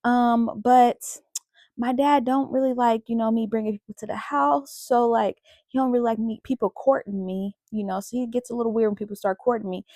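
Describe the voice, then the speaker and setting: A woman's voice: on the high side, steady tone, a little fast, warm tone, no room sound, studio quality, lightly acted. A woman doing an easygoing young woman.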